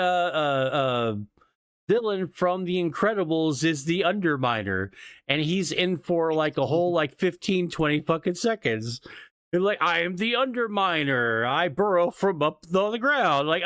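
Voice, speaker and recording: A man's voice: a little high, fairly bright tone, smooth, dry recording, studio quality. A man co-hosting a podcast in casual chat, rambling and stammering with lots of swearing. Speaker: podcast co-host.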